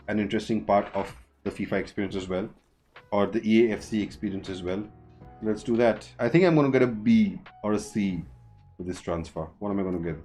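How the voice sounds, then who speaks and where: A man streaming a football management game, chatting casually and haggling out loud with the players he signs. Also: on the low side. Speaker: gaming streamer.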